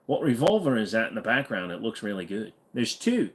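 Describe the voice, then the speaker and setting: With a lowish, sing-song voice and a brisk delivery, this livestream host meanders through chat messages, cracking jokes and filling gaps with lots of fillers.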